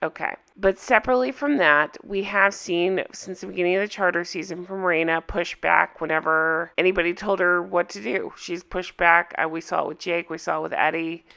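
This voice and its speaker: A woman recapping a reality show in a casual, opinionated way, hoarse from a cold and asking viewers for their thoughts. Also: fairly low pitch, fairly quick, few pauses, bright, forceful tone. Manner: chatty, opinionated, asks viewers for comments.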